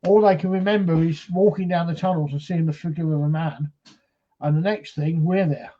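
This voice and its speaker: A man's voice: a little high, fairly even intonation, fairly quick, warm tone, dull audio. A man, a paranormal investigator retelling a story casually with lots of "he says" and quoted speech.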